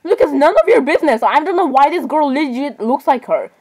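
A teenage girl reacting to videos in a casual vlog, excitable and exclamatory, jumping between loud outbursts and mumbled asides. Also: sits high, brisk. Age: teens. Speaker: reaction vlogger.

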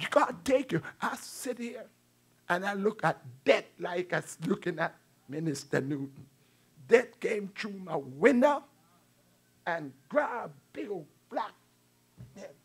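A man's voice: high-pitched, creaky, breathy edge. An older man preacher giving a fervent testimony sermon in a church, with repeated exclamations. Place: church sanctuary.

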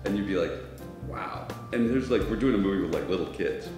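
Low, lively man in an echoey room. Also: racing, over loud music. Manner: amused, mimicking storyteller. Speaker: actor interviewee. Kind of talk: anecdote in an interview.

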